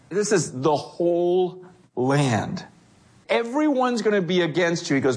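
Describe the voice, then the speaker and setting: A middle-aged man preaching a sermon, animated, his delivery swinging from hushed lines to raised, quick ones. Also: high voice. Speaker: pastor.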